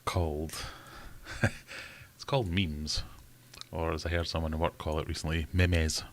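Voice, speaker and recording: Scottish male livestream host, low-pitched, easygoing, reads viewer chat aloud. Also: flat delivery, a little slow. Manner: chatty, reads out viewer comments. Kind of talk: casual live Q&A chat.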